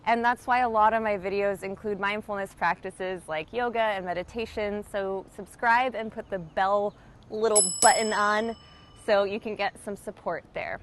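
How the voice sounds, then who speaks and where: A woman hosting a self-help video, talking casually and playfully to her viewers and slowing into a calm, guiding cadence for mindfulness prompts. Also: medium pitch, slight background noise. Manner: chatty and playful, with swearing and light laughter. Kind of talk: casual direct-to-camera talk with guided mindfulness.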